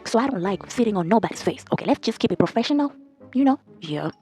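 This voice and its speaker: Blunt, husky-voiced young woman vlogger. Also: medium pitch, fast, faint music behind. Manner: blunt, profane, animated gossip to viewers. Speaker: storytime vlogger. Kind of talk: casual storytime chat.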